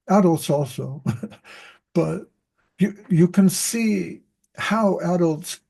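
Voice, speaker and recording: A slightly high, husky male voice with a dark tone and vocal fry belongs to a reading teacher in casual group discussion. He rambles as a storyteller, breaking into his own sentences and beginning them anew.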